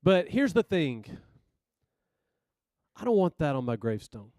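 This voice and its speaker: A man giving a sermon as youth minister, telling stories with lively asides. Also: on the high side, a little slow, no echo. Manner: storytelling, animated asides.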